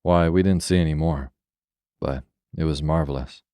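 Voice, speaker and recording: A man's voice: extremely low pitch, fairly even intonation, normal speed, dark tone, no room sound, clean studio sound. A man voicing a flock of chattering gray sparrows in a bedtime story, eager to show what they know.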